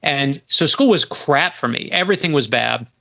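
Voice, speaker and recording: This middle-aged guest author from New York recounts a story on a podcast, emphatic and animated, often starting sentences over. He speaks at a moderate pace in a gravelly, mid-range voice.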